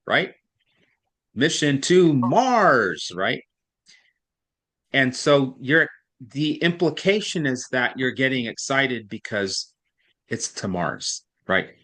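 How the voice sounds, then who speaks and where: Patient male reading tutor, mid pitch. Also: pushed and bright. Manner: patient, explains step by step, often checks in with "right?". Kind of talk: one-on-one tutoring explanation.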